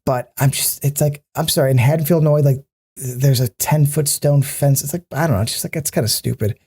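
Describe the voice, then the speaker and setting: A man co-hosting a casual podcast, picking apart what annoys him with plenty of swearing. His voice is dark and mellow, and he keeps stumbling into restarts as he rants. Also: mid-range voice, slightly rough. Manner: critical, ranting, swears freely; halting, many restarts. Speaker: podcast co-host. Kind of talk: casual chat.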